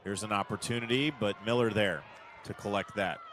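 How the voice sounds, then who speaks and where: Male soccer announcer with a lowish voice, steady live calls that lift on big chances, recorded outdoors with faint noise. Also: a little fast. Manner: steady play-by-play, rises sharply on big chances. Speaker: play-by-play commentator.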